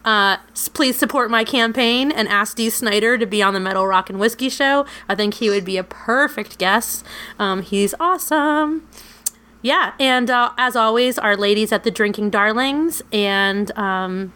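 A woman's voice: a little high, a little slow, bright, forceful tone, clean tone. A woman co-hosting a podcast, chatting casually and rambling, swearing freely and laughing often. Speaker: podcast co-host. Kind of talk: casual podcast outro chat.

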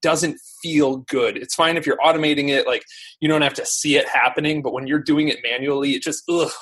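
A man as a podcast guest in casual live-stream chat, telling stories quickly and animatedly with lots of fillers. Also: on the high side, steady tone, fairly bright tone, husky. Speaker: podcast guest, SEO teacher.

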